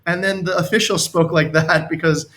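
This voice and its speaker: A man's voice: fairly high pitch, steady tone, moderate pace, fairly bright tone. A man leading a team session, coaching on leadership in a rambling, anecdotal way and chuckling as he explains.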